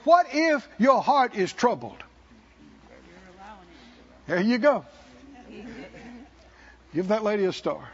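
A man preaching a sermon as pastor, calling for responses from the congregation and rising to shouts. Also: very high-pitched. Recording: dull lo-fi sermon recording.

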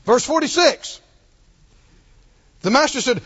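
A man preaching a sermon, telling the story with animated delivery, acting out quoted lines and chuckling often. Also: high voice, moderate pace, pauses often, lo-fi sound.

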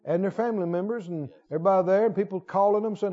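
A man preaching with a high, lively voice that jumps up for emphasis and drops low for asides. His talk is folksy and conversational, with sudden emphatic calls to the congregation. The sound is dull and rings with a long church-hall reverb. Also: fast talker. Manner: animated, rising to emphatic exclamations, conversational asides. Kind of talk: sermon.

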